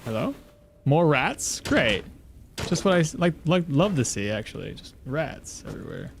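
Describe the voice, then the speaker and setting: Guy streaming a game, fairly high voice that jumps all over, chats w/ viewers, faint game music behind. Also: very animated, moderate pace. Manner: chatty, talks to himself and reads chat aloud. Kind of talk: casual live-stream chat while playing.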